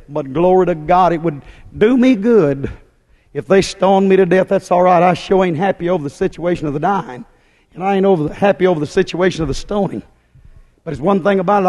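High-voiced man preaching in an echoing hall. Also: a little mellow. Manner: emphatic, repetitive, hammering delivery. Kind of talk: fiery sermon. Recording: long hall reverb.

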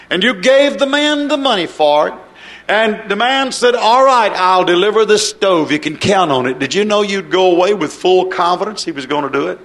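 A man with a notably high voice delivers a fervent sermon. He swings between ringing, lifted cries and low, hushed stretches, pressing his listeners with question after question. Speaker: preacher.

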